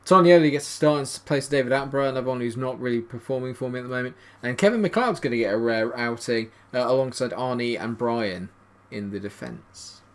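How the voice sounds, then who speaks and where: Excitable man commentating a football game. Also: medium pitch, quick pace. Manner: excitable, shouts at goals, dry jokes. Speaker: gaming YouTuber. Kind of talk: gameplay commentary.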